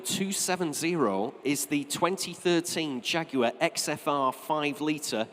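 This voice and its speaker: A man with an English accent calling bids at a live car auction, brisk and jovial between bids. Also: on the high side, fairly bright tone, a little hiss or hum. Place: auction hall. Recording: long hall reverb.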